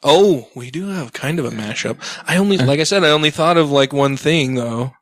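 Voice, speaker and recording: A man co-hosting a casual podcast, ranting with lots of profanity and animated jabs. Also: on the high side, a little fast, dry recording. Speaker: podcast co-host. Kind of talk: casual chat.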